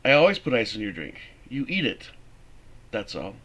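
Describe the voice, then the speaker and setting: A man's voice: on the low side, very animated, moderate pace, pushed and bright, heavily acted. A man voicing a weary, dry-witted middle-aged husband who trades jabs with his wife in a play reading. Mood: cutting.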